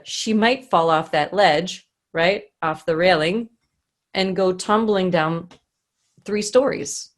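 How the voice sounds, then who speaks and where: A woman with a fairly low voice teaches a singing lesson online. She talks animatedly, jumping into little acted-out scenes to show what she means. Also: unhurried. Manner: animated, acts out scenes to illustrate. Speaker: singing coach.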